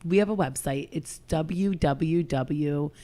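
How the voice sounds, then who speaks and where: A woman's voice: low voice, takes it slowly. A woman guest on a podcast, chatting casually and acting out what people said in her stories. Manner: animated storyteller, acts out quotes. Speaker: podcast guest, wellness co-founder. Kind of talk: casual chat.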